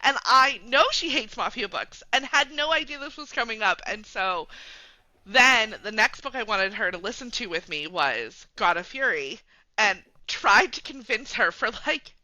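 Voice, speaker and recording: A woman's voice: on the high side, animated, moderate pace, pushed and bright, no echo, rough recording. A woman guest on a podcast, chatting casually and laughing a lot, with plenty of "like" and "um" fillers. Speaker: guest, romance bookstore founder.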